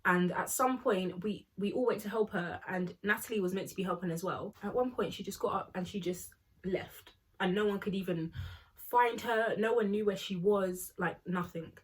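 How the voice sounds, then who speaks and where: A young woman telling an animated, slangy storytime vlog. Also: mid-range voice, moderate pace, breathy edge. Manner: animated, slangy, laughs often while telling. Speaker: vlogger.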